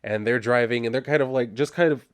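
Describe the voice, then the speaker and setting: A man's voice: medium pitch, fast talker, dry recording. A man reviewing a comic book in a casual vlog, rambling and laughing often, with lots of fillers.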